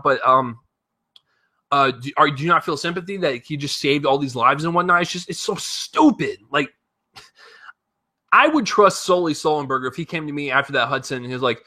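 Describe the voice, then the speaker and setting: A man giving a casual spoken movie review, animated and profane, rambling with lots of fillers and restarts. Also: fairly high pitch. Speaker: film reviewer.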